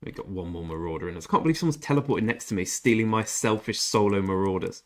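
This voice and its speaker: A man's voice: low-pitched, fast. A young British man streaming a game, chatting casually with viewers by name and giving blunt opinions with mild swearing. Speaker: gaming streamer. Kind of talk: casual livestream chat while playing.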